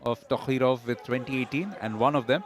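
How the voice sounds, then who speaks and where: A man commentating live on a boxing bout, giving measured, analytical play-by-play. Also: mid-range voice.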